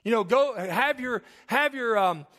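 High-voiced male pastor preaching. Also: expressive, measured pace. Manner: varied delivery, drops low and soft then rises to near shouts. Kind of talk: sermon.

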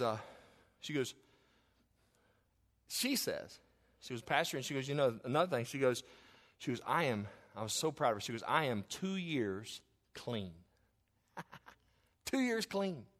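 A middle-aged male pastor preaching a sermon, telling a personal story with lots of quoted dialogue and swelling loud and slow on emphatic lines. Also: medium pitch. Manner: storytelling, quoting others in dialogue.

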